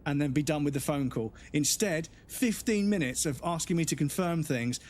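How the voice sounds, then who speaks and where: A man's voice: fairly high pitch, animated, normal speed, a little mellow, a little hiss or hum. A man streaming a game, a father, ranting bluntly and swearing in casual talk. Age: adult with children. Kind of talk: casual live-stream rant.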